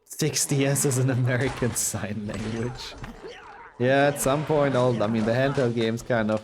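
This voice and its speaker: A man's voice: medium pitch, steady tone, moderate pace, background noise. A young man with a sick voice, casually commentating his speedrun and answering chat. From Germany. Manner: chatty, reads and answers chat while playing. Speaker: speedrunner streamer.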